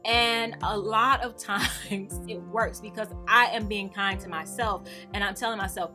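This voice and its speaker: A middle-aged woman and mother talking casually to camera as the host of her vlog, animated and at times sassy and emphatic. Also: mid-range voice, measured pace, hardly any pauses, soft background music. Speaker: YouTube creator.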